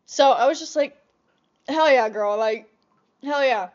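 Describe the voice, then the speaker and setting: A young woman vlogger telling a casual storytime about old jobs, chatty and animated, swearing often. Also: high voice, unhurried, highs cut off.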